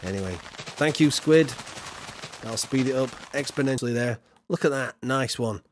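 A man's voice: medium pitch, moderate pace, no room sound. A man streaming a building game, chatting casually and reading out his viewers' comments as he plays. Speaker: gaming streamer. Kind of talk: live-streamed gameplay chat.

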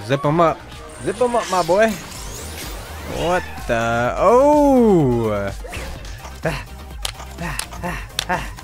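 A young man gives let's-play commentary at a slow, unhurried pace, drifting between mumbled asides and sudden excited yelps. His voice sits at an ordinary middle pitch, and his talk is slangy and casual. Game music plays faintly behind him. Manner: excitable, slangy reactions with sudden loud outbursts. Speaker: gaming streamer.

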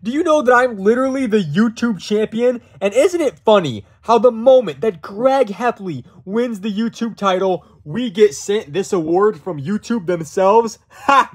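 A man's voice: high-pitched, lively intonation, moderate pace, hardly any pauses, breathy edge. A man voicing a smug, narcissistic young male champion who brags in a whiny, slangy way.

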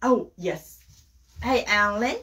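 A woman's voice: mid-range voice, takes it slowly, bright, forceful tone. A woman with a Southern accent hosting a live craft tutorial, chatting folksily with viewers as she works. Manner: chatty and folksy, addresses viewers as guys and y'all. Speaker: craft tutorial livestream host. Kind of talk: casual live craft demo, reading viewer comments.

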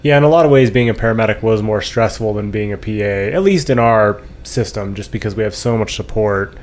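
A man's voice: on the low side, a little fast. A man who works as a physician assistant, hosting a casual podcast chat and asking questions. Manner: relaxed, asks guests questions.

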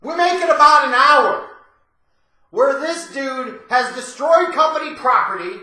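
A man reviewing a wrestling show in a profane, sarcastic rant with shouted bursts. His voice sits very high and is drawn out slowly. The sound bounces around a very echoey room. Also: animated. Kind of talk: ranting review commentary.

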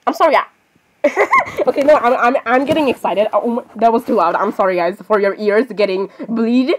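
A woman gamer talks through her play in casual running commentary. Her voice sits fairly high, and she gets excitable, keeps saying sorry and chats to herself as she goes. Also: a little fast.

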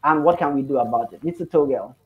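A man moderating a panel discussion, putting questions to the speakers in quick strings. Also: medium pitch, phone-quality sound. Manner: asks questions in rapid strings, laughs easily.

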